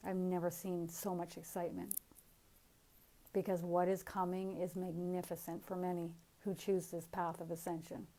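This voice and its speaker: A woman's voice: fairly low pitch, poor audio. A middle-aged woman speaking as a spiritual medium, talking casually and animatedly, laughing often as she tells stories. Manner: animated storytelling, frequent laughs.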